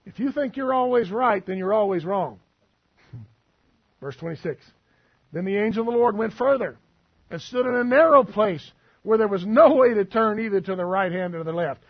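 A man's voice: high-pitched, expressive, moderate pace, breathy edge, dull audio. A man preaching a sermon as pastor, folksy and full of asides and humor.

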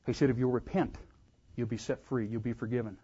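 A man preaching a sermon, swelling into loud emphatic cries. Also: mid-range voice, fairly even intonation, fairly quick, slightly rough, highs cut off. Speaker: pastor.

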